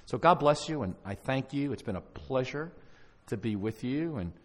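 A man's voice: medium pitch, expressive, moderate pace. Man speaking in a reverberant conference hall. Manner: conversational, with frequent restarts and asides. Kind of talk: conference talk to church leaders. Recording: live hall recording with long reverb.

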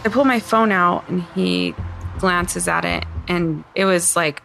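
A woman's voice: fairly low pitch, measured pace, vocal fry, fairly bright tone, faint music behind. A woman in her thirties from Utah, candidly retelling a painful experience in her own words. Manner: candid, retelling with many quoted asides. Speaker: interviewee. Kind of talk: emotional personal testimony.

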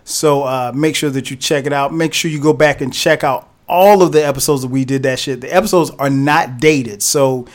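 A man's voice: medium pitch, fairly even intonation, moderate pace, hardly any pauses. A man hosting a podcast in casual chat, easygoing and joking, often repeating himself. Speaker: podcast host.

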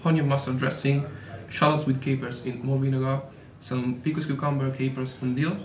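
A man's voice: mid-range voice, level tone, a little fast, reverberant. A male waiter at a restaurant politely explaining the condiments and dishes.

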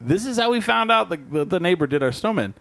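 A man telling a story in casual chat, animated and swearing freely. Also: sits high, fast talker, creaky.

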